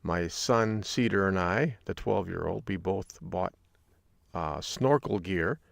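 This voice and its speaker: A man's voice: low-pitched, slow, creaky, dry recording, studio quality. A man from Michigan hosting a podcast, talking in an upbeat, jokey, folksy way. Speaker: podcast host. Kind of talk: solo podcast talk.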